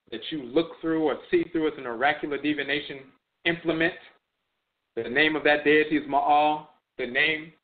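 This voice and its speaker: A man giving a spoken lecture on religion, repeating key terms for emphasis as he explains words. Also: on the high side. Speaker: teacher of religion and language. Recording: tinny phone-like audio.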